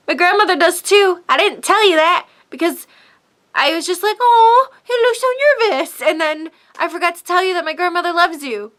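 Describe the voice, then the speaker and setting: High-voiced gushing woman vlogger. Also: pushed and bright. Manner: gushing, chatty, laughs often. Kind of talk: casual personal storytelling.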